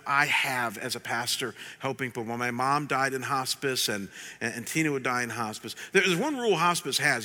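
A man who is a pastor, telling a personal story in a sermon, stammering and restarting, rising to loud laughing bursts and sinking to hushed, emotional tones. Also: fairly high pitch. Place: church. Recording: long reverb of a church hall.

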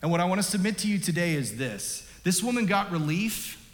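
A male pastor delivers an emphatic, animated sermon in a slightly high voice. His words bounce around a large church hall. A long tail of reverb follows each phrase. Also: a little fast. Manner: animated, emphatic, varies loudness.

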